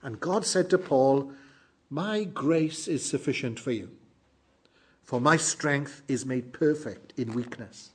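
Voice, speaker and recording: Husky-voiced man preaching a sermon. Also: mid-range voice, takes it slowly. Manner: earnest, emphatic, swings between loud exclamations and hushed lines.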